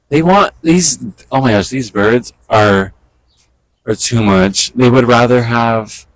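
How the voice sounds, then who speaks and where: A man chatting casually into a handheld camera outdoors in a park, excitable and quick with asides, talking to the birds around him. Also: on the low side, no echo, low-quality recording. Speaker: vlogger. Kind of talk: casual outdoor vlog chat.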